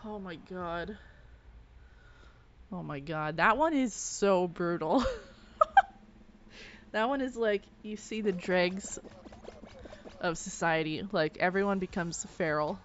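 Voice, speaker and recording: A woman streaming a video game, giving excitable live commentary, yelling and swearing at the game. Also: mid-range voice, slow, pauses often, lo-fi sound, slight background noise.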